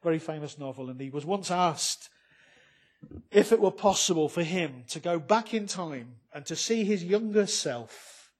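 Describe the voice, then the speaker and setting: High-voiced preacher, loud then hushed. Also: male voice. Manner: swells loud then drops very soft, rhetorical questions. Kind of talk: sermon.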